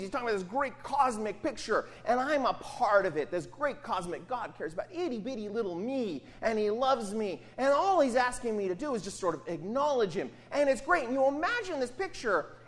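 A pastor preaching in a casual, conversational way, often checking in with the listeners by asking "right?". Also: mid-range voice. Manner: animated, often asks "right?". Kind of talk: conversational sermon.

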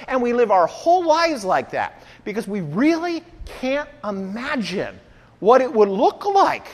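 A woman preaching a conversational sermon, with an animated delivery that often checks in with "right?". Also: a little high, unhurried, big-room sound, a little hiss or hum.

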